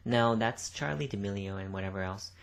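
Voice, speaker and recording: A woman's voice: extremely low pitch, a little fast. A young woman co-hosting a podcast, chatting casually in a rambling way and swearing freely. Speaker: podcast co-host. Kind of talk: casual chat.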